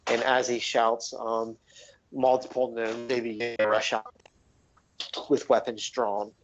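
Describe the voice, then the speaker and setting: A young man narrating a tabletop game as game master, halting with many fillers. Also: mid-range voice, flat delivery, a little hiss or hum. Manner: halting, many ums and likes. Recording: dull lo-fi audio.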